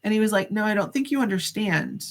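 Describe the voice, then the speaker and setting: Her voice is medium in pitch, fast, and gravelly: a middle-aged psychic medium guesting on a podcast and telling a story. She acts out the dialogue with animation and says "like" often among other casual fillers.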